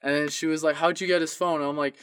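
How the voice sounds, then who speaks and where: A young male podcast co-host tells a rambling, casual story about wrong-number phone calls, playing both sides of each call. His voice is fairly high, level in tone, fast, slightly bright, clear and resonant. The recording is dry, with clean studio sound.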